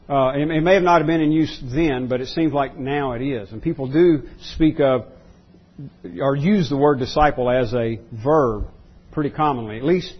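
A man preaching a sermon as pastor, talking in a halting way and repeating words as he thinks aloud. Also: medium pitch, husky, highs cut off.

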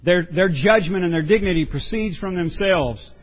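A pastor preaching a sermon, earnest and emphatic, often repeating words for stress. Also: male voice, sits high, normal speed, dull audio.

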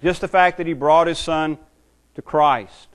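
A man's voice: fairly high pitch, fairly even intonation, measured pace. A man preaching a sermon as a pastor, earnest and often repeating words as he builds his points.

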